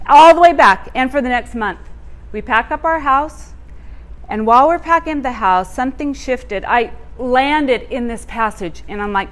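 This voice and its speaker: A woman telling a personal testimony in a sermon, animated and expressive, laughing as she tells it. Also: sits high, normal speed. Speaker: church speaker.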